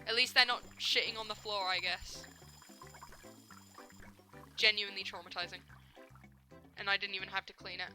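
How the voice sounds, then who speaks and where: A young adult woman streaming a game, chatting casually and ranting in an animated, profane, self-mocking way. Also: medium pitch, normal speed, pauses often, faint music behind. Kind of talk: casual gameplay commentary.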